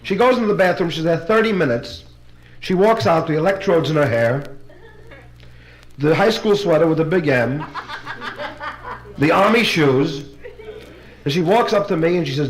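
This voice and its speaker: A male stand-up comic working a club crowd, his voice sitting a touch high for a man. He rattles off gags briskly and lands each punchline with practiced timing. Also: expressive. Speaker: stand-up comedian. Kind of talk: nightclub stand-up routine. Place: live club show before an audience. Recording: live LP recording with distant crowd laughter.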